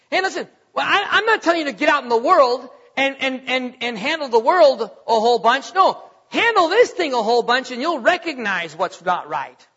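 Animated high-voiced preacher in a hall. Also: male voice, lo-fi sound. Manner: animated preaching, laughing at his own stories. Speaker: pastor. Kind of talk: sermon.

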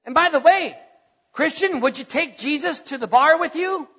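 A man preaches from the pulpit in a strikingly high, bright voice, pressing his listeners with questions. His words ring through a long church reverb on a dull, lo-fi recording. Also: lively intonation, moderate pace. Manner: emphatic preaching with rising rhetorical questions. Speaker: pastor. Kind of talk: sermon.

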